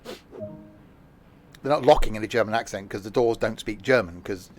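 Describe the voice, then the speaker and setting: A man's voice: lowish voice, fast talker, a little hiss or hum. A man streaming a train simulator, rambling and self-mocking, with many fillers. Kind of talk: live gameplay commentary.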